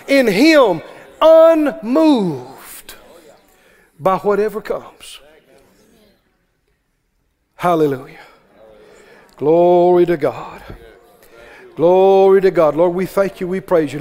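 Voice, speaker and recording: A man's voice: extremely high pitch, long reverb tail. A man preaching a sermon to a congregation, with fervent, repetitive exhortation.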